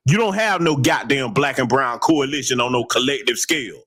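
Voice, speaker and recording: A man hosting a heated commentary broadcast, talking in an emphatic, taunting, loud way. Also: mid-range voice, normal speed. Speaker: host.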